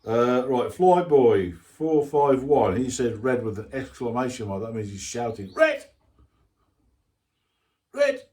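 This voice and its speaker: A man's voice: mid-range voice, measured pace, hardly any pauses, dark tone. An older man hosting his hobby channel, chatting casually and reading out viewer comments in a rambling, self-mocking way with lots of asides.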